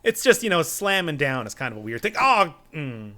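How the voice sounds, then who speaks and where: A man's voice: on the high side, bright, forceful tone. A man giving casual, joking commentary while playing a video game, often talking back to the game's characters. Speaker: gaming let's-player.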